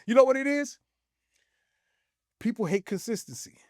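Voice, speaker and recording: A man co-hosting a sports debate, making his case in a measured way and often saying "it is what it is". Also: extremely high pitch, animated, darkish tone, no echo, clean studio sound. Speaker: co-host.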